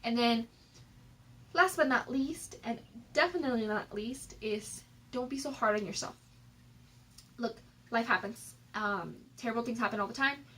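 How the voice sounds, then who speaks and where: A woman with a somewhat high, husky voice talks straight to the camera about personal growth. She is candid and chatty and fills her talk with "like" and "um", as in a casual advice vlog recorded on a phone. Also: moderate pace, pushed and bright, rough recording. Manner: candid and chatty, many fillers like "like" and "um". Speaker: personal development vlogger.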